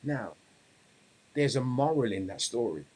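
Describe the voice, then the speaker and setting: A man's voice: fairly low pitch, animated, normal speed, husky. A man hosting a weight-loss coaching podcast, talking casually and rambling, with restarts before an earnest moral point. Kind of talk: casual live-stream talk and storytelling.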